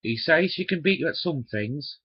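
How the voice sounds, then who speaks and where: A narrator voicing a stout, genial male railway boss who talks in a gruff, fatherly way for a storybook dub. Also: medium pitch, lively intonation, normal speed, lo-fi sound.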